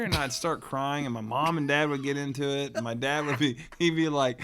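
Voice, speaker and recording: A man's voice: medium pitch, brisk, hardly any pauses, fairly bright tone. A man from Florida co-hosting a podcast, telling a family holiday story in a rambling, laughing, casual way. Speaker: podcast co-host. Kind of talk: casual chat, personal storytelling.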